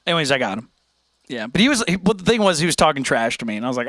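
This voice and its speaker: A man's voice: on the high side, big pitch swings, racing, fairly bright tone, no room sound. A man hosting a casual livestream chat, rambling and laid-back, laughing often. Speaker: streamer host.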